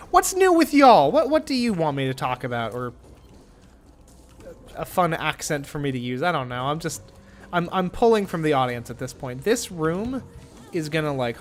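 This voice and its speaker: Guy streaming a game, bit high voice, rambly and stammery, swears a bit. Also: a bit bright. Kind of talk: live gameplay commentary.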